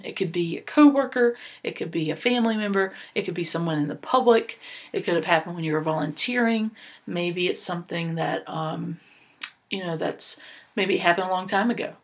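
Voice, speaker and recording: A woman presenting a training session for volunteers, earnest and instructive, with a few fillers and restarts. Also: lowish voice.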